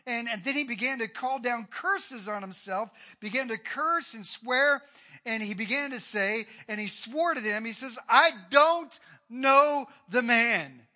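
A man preaching a sermon, retelling a Bible story with swings from hushed to loud. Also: very high-pitched, moderate pace. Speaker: pastor.

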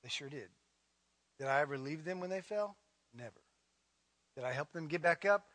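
A middle-aged man preaching a sermon as a pastor, building to loud, emphatic declarations and then easing into a soft, guided prayer. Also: a little high, expressive, moderate pace, no echo.

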